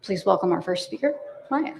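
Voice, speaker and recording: A woman hosting a program, introducing speakers in a slow, measured and solemn way. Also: fairly low pitch, lively intonation, gravelly, darkish tone, a little hiss or hum. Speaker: program host. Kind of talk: formal introduction. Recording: reverberant hall.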